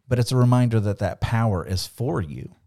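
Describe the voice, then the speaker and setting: A man with a fairly low voice unpacks a Bible passage on a podcast. He talks earnestly and with animation, slipping into lively quoted dialogue as he explains. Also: creaky. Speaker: podcast co-host. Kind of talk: Bible study discussion.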